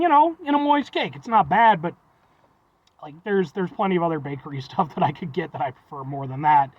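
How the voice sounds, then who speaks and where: Young guy with a pretty high voice rambling on about food, jokey and self-deprecating, dull dry mic. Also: no echo. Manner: rambling, folksy, keeps calling viewers "folks"; playful exaggeration, self-deprecating. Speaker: food reviewer. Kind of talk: casual vlog chat.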